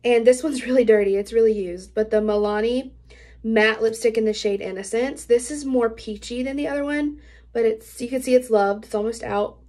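A woman's voice: fairly high pitch, normal speed, warm tone. Bubbly young woman gushing about makeup. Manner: bubbly, gushing, many "like" fillers. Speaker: beauty vlogger. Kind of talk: casual product review. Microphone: camera mic.

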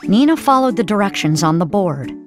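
A woman reading a scripted children's story aloud as narrator, in a warm, even storytelling way. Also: medium pitch, fairly quick, music in the background.

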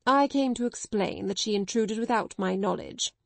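A woman reading aloud puts on a haughty, rigidly polite schoolmistress from a storybook. Her voice climbs high and shrill whenever she is affronted. The sound is dry and close. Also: moderate pace, creaky, no echo. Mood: indignant. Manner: indignant, rigidly polite, shrill when shocked. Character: stern haughty middle-aged schoolmistress.

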